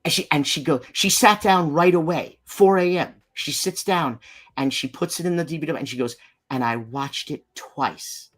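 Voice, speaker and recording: A documentary filmmaker from Miami telling rambling, profane anecdotes as a podcast guest, full of fillers and restarts. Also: male voice, fairly high pitch, normal speed. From Miami, Florida, US. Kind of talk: anecdotal storytelling in a podcast interview.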